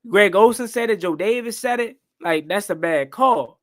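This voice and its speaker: Man, high voice, young adult, excitable football rant, repeats himself. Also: moderate pace. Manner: excitable, repetitive, rants and questions calls. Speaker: sports talk host. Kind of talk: live-stream football recap.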